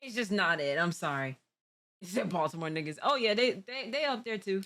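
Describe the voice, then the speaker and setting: A woman streaming a reaction video, chatting casually with lots of slang and quick reactions. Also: medium pitch, lively intonation, noisy background. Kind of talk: casual chat.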